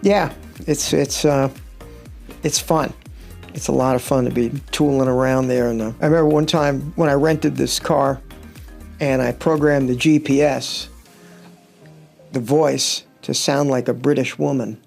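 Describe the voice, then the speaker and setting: Gravelly guitarist telling wry stories. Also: male voice, medium pitch, steady tone, unhurried, a little mellow, faint music behind. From United States. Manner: rambling anecdotal storyteller, wry humor. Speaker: touring guitarist, guest. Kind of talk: casual interview chat.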